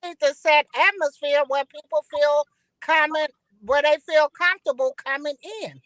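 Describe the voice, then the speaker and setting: A woman's voice: high voice, fairly even intonation, normal speed, a bit bright, no echo, low-quality recording. A woman who is a guest on a church talk show, speaking in an earnest, insistent way. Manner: earnest, insistent, sprinkling in "you know what I'm saying". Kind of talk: passionate talk show discussion.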